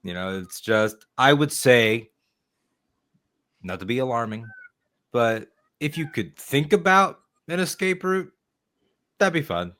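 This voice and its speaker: A man playing a tabletop role-play game, talking in a rambling, halting, jokey way. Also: medium pitch, lively intonation, a bit bright. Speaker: player.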